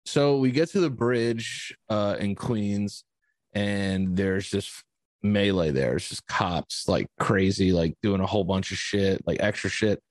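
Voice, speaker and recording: New dude ranting a story on his podcast, kinda low voice, swears a lot, dry close sound. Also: unhurried, no room sound. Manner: profane, rambling storyteller. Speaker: podcast host. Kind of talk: casual podcast chat.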